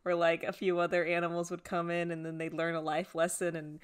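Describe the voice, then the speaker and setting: A woman's voice: on the low side, completely flat delivery, a little fast, clean tone. A woman co-hosting a podcast, recapping cartoon scenes in casual chat and laughing often. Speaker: podcast co-host.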